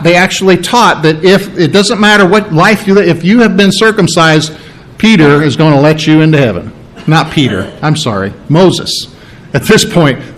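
A man's voice: high-pitched, rough recording. A man preaching a conversational sermon to a congregation, stressing points and checking in with his listeners. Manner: conversational, emphatic, checks in with "all right?". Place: church before a congregation.

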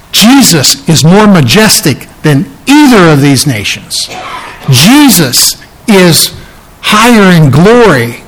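A man preaching as a pastor, stressing points by repeating them, then softening for the invitation and prayer. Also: rough recording. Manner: emphatic, repeats key lines for stress; drops to a soft, low voice for the altar call and prayer. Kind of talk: sermon.

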